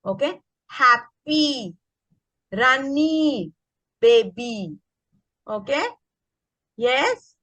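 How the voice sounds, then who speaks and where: Lively, bright-voiced teacher. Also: female voice, high-pitched, no room sound, rough recording. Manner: energetic, checks in often with "okay?". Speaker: teacher trainer. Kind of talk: online teacher workshop. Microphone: video call.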